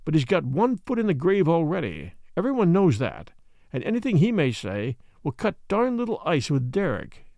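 A hard, grim old millionaire father laying down the law to his daughter in an audiobook, voiced by a man reading. His tone is blunt and low for the reader, yet still lively in pitch. The sound is dry and close. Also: normal speed, no echo.

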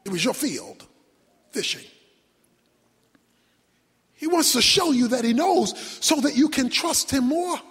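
A male pastor preaching a sermon, emphatic, swinging from shouted points to quiet low asides. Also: sing-song, unhurried, pauses often, husky. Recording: long reverb from a large hall.

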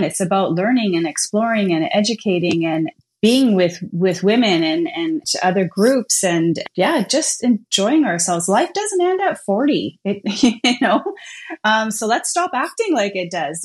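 A woman's voice: mid-range voice, animated, unhurried. Upbeat middle-aged woman guest. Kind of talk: casual interview chat.

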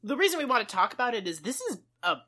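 A woman co-hosting a podcast, joking and swearing through casual chat. Her voice is bright and a little high, and its pitch bounces around a lot. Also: very animated, rapid-fire. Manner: joking, giggly, profane. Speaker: podcast co-host.

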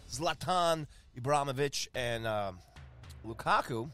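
On a sports podcast, a male co-host chats casually, running through league standings with jokes, asides and plenty of rambling fillers. His voice sits on the high side and is a bit bright, his pace is moderate, and faint music plays behind him.

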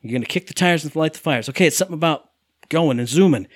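A man's voice: on the high side, quick pace, dry recording, studio quality. A man co-hosting a casual chat, ranting about a game and mimicking characters' lines in exaggerated voices. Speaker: podcast co-host reviewing a game.

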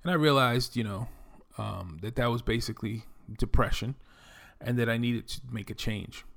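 Gravelly New York man, reflective. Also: mid-range voice, moderate pace, fairly bright tone. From the Bronx, New York. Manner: reflective, many fillers like "you know" and "um". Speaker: former Air Force veteran and doctor telling his story. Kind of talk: casual personal monologue.

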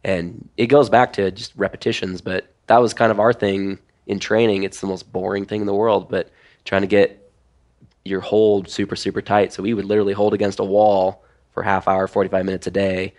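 A man, a former competitive pistol shooter, explaining things step by step in casual podcast chat with lots of "like"s. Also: low voice. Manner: relaxed, explains step by step with many "like"s.

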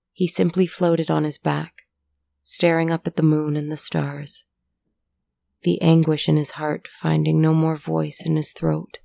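Female narrator, low, flat and gravelly, measured dramatic storytelling. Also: no room sound.

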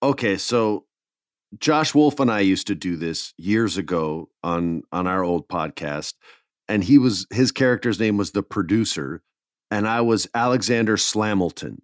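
A man co-hosting a podcast in a casual chat, animated and jokey. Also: lowish voice, measured pace, no echo, clean studio sound. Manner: animated, jokey, does goofy voices for quotes. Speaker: podcast co-host.

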